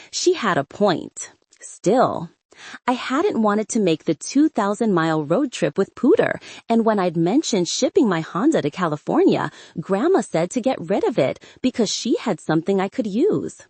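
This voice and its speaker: A woman narrating an audiobook in an expressive, wry first-person voice. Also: medium pitch, unhurried, husky, dry recording.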